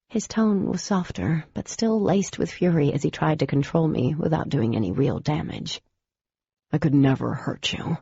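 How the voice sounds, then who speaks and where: A woman narrating a first-person audiobook in a measured, intimate storytelling way. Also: deep voice, vocal fry, mellow, slightly rough, dry recording, lo-fi sound.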